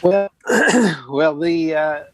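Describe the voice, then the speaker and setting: A man co-hosting a podcast, reading a listener's email aloud with halting delivery. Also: fairly high pitch, lively intonation, dry recording.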